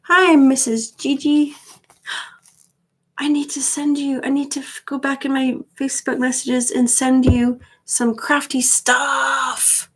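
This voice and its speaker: Woman in her thirties, unhurried, chatty and rambling, wry asides, live stream vlog. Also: high-pitched, flat delivery, low-quality recording. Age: 30s. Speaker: vlogger. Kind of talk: casual live stream chat.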